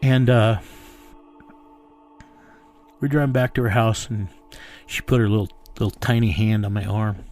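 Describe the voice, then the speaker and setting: A man's voice: medium pitch, a little slow, long pauses, darkish tone, faint music behind. An American man telling a tense story bluntly, with swearing, acting out what others said. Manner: blunt, profane, acts out quoted dialogue. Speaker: bounty hunter telling his story. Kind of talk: storytelling interview.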